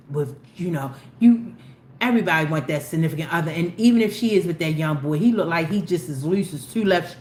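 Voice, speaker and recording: A woman hosting a casual celebrity gossip commentary, animated and opinionated, with slangy talk that swings between low asides and loud exclamations. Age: older. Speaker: commentary host. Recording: echoey room with faint ambient noise.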